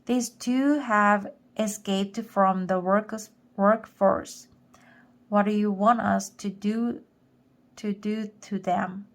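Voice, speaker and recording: A big male ant guard from a storybook, fawning and flustered, forever apologizing to his queen, as a woman reading aloud puts him on. His slow, stumbling speech keeps tripping over royal titles. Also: mid-range voice, steady tone. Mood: reporting.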